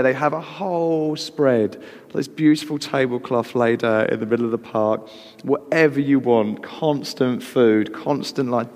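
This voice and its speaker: A British man speaks at a middle pitch with a gravelly, creaky edge. He tells anecdotes before a live audience, animated and quick to mimic others. His voice rings with the long reverb of a large hall. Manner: lively, animated, acts out other people's voices. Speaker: actor guest. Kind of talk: anecdotal storytelling on stage.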